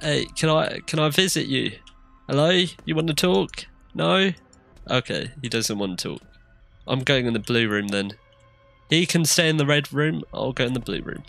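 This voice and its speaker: Bright, jittery young man gaming. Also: medium pitch, expressive, moderate pace, vocal fry, faint music behind. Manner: jittery running commentary, shrieks when scared. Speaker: gamer. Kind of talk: let's play commentary.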